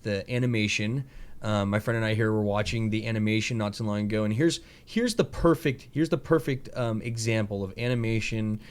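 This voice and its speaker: A man hosting a casual podcast, rambling through animated retellings of scenes, with lots of fillers and some swearing. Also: fairly low pitch, fairly quick, clear, resonant tone. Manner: casual, profane, filler-heavy. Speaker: podcast host.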